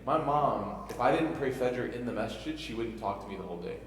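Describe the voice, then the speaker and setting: A man's voice: medium pitch, expressive, brisk, noisy background. A young man and imam giving an emotional talk to youth in a mosque, telling stories with jokes and frequent rhetorical questions. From Egypt (family), raised in Chicago. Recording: echoey hall from far off.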